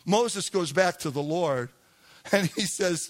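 A male pastor preaching an animated sermon, asking the congregation to repeat words back. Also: high-pitched, slow pace. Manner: animated, calls for congregation responses.

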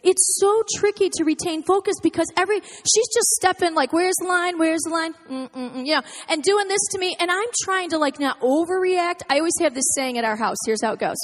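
A woman in her thirties chatting to other moms, telling animated stories about her kids and acting out their lines. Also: very high voice, a little fast, few pauses, in a large hall. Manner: animated storytelling, quoting her kids in voices. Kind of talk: casual talk to moms.

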